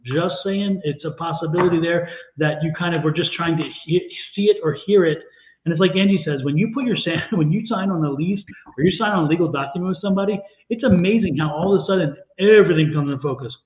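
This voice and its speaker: A man's voice: on the high side, a little hiss or hum. Wry man over a tinny echoey line. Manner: deliberate, emphatic, wry. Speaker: tarot reader and co-host. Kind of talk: casual livestream tarot reading. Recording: tinny phone-like sound in an echoey room.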